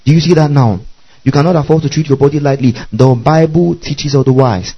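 Preacher who keeps checking "do you see that?". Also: male voice, fairly high pitch, a little fast, dark tone, husky, dull audio. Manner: checks understanding constantly, spells out Greek words letter by letter. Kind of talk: Bible teaching sermon.

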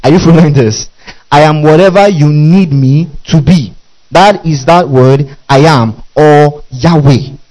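A man's voice: a little high, unhurried, a little mellow, poor audio. A man preaching a sermon as pastor, emphatic, often checking that his listeners follow and adding hallelujah and amen. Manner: repeats questions to the congregation, emphatic.

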